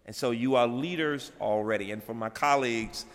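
A middle-aged man giving a dedication speech, telling a personal story and moving from hushed to loud and animated. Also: medium pitch, normal speed. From Birmingham, Alabama. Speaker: college president, plenary speaker. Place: large chapel. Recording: long hall reverb.

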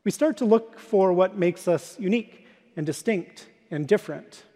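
A man's voice: high voice, normal speed, warm tone. A man preaching a sermon, telling everyday stories in a conversational way to his listeners. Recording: long hall reverb.

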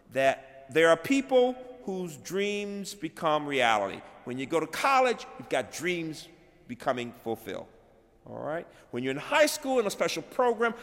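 Lively storytelling man in a chapel. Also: on the high side. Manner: storytelling, builds repetition to rising emphasis. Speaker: keynote speaker. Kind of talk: inspirational speech. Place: large chapel. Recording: long hall reverb.

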